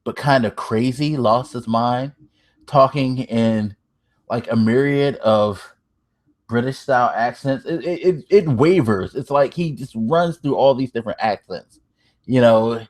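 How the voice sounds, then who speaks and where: Excitable man recapping wrestling. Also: medium pitch, a little slow. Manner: excitable, swears freely, laughs while telling. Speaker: podcast host.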